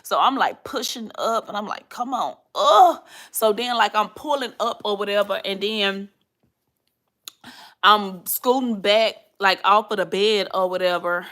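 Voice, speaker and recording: A young adult woman vlogging to her viewers, chatty and animated, acting out the people in her story as she tells it. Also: medium pitch, measured pace.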